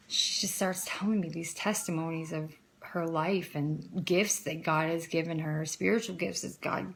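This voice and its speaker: Bright-voiced woman telling her story. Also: on the low side. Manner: emotional, gets loud and excited at key moments. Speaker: vlogger sharing her faith testimony. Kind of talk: casual personal storytelling. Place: at home.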